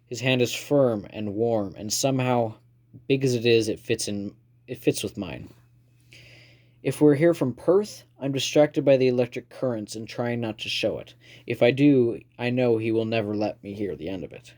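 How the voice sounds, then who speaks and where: A man reading a first-person novel aloud in a calm, measured storytelling manner. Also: mid-range voice. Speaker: reader.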